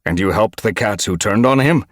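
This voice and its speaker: A man's voice: lowish voice, lively intonation, normal speed, no room sound, studio quality, voice pushed up, close to an everyday voice. A man voicing a firm, determined male cat who leads his clan, in an audiobook. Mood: stern. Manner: firm, insistent. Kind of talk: audiobook character voice.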